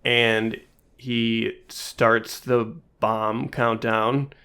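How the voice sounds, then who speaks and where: Gravelly-voiced man cracking dry quips. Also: mid-range voice, level tone, very slow, pushed and bright. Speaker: podcast co-host. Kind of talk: casual chat.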